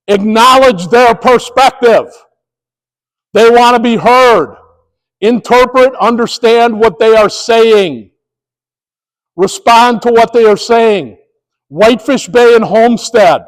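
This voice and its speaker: A man training sports officials, telling a story in an animated way and acting out the scenes. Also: sits high, unhurried, long pauses, poor audio. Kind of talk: storytelling presentation.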